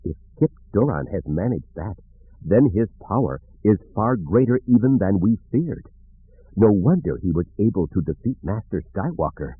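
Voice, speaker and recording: A man voicing a grave, hesitant female Calamarian Jedi trainee in an audiobook, with a thin, husky voice and a slow, solemn manner. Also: on the low side, very animated, dry recording. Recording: narrow phone-like audiobook recording.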